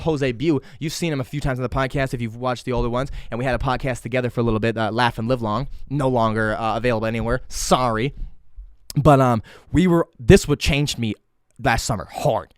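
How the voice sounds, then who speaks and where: A young man hosting his own podcast, talking loudly and fast in a rambling way, full of restarts and swearing, straight to a camera. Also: medium pitch, dry recording, studio quality. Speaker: podcast host. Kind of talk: casual solo podcast monologue. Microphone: camera mic.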